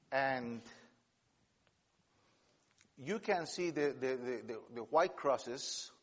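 A man from America speaks English at a middle pitch. He gives a slide presentation as a missionary speaker and stumbles over repeated words while he tells his stories. His voice rings out with a long reverb in a large hall. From Latin America.

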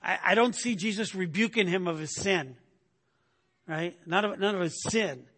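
Male preacher, sermon, high voice, rhetorical questions, repeats himself. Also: moderate pace, pushed and bright, breathy edge, big-room sound. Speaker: pastor.

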